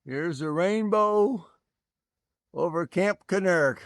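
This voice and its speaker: A man's voice: sits high, takes it slowly. A man co-hosting a podcast, telling folksy stories in casual chat. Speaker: podcast co-host.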